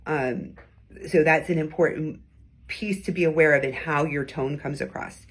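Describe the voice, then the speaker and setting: Low husky-voiced woman teaching conversationally. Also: steady tone, moderate pace. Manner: conversational, acts out tones in short quoted bits. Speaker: host giving weekly advice. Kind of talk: casual teaching talk to camera.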